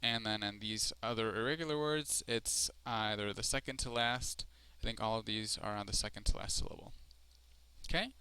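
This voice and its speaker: This Spanish teacher's voice is lowish and sharp, with a clean tone. He gives a recorded screencast lesson, explaining each step slowly and deliberately while dropping in frequent ums and fillers.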